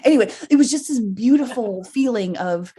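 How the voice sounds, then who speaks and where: A woman's voice: a little high, moderate pace, breathy edge. Woman telling a dream, laughing often. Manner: animated storytelling, laughs often, swears freely. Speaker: podcast co-host. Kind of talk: casual chat, recounting a dream.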